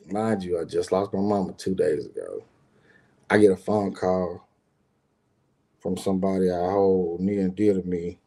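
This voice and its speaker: A man's voice: deep voice, steady tone, unhurried, pauses often, mellow. A middle-aged man casually telling a personal story as a podcast host, loose and conversational, with lots of "you know what I'm saying".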